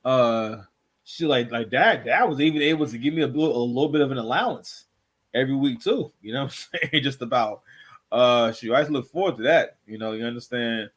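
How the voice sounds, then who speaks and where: A man's voice: medium pitch, a little fast, fairly bright tone. A man hosting a casual reaction commentary show, rambling and repeating himself with constant filler phrases.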